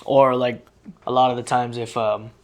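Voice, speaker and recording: Young man, mid-pitched voice, easygoing podcast chat, loose retelling. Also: normal speed. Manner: relaxed, loose retelling with fillers and laughs. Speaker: podcast co-host. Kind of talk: casual chat.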